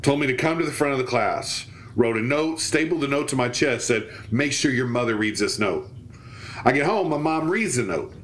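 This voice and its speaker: A man's voice: on the high side, a little fast, few pauses. A man telling a stand-up style story from his school days, acting out the voices of the people in it. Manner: animated, acts out quoted voices. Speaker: podcast co-host.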